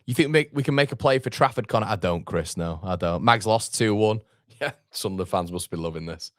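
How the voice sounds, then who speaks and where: Man, football fan streamer, deeper voice, reads viewer comments, reacts live. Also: animated, a little fast, fairly bright tone, dry recording, studio quality. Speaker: fan channel host. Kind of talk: live football watchalong chat.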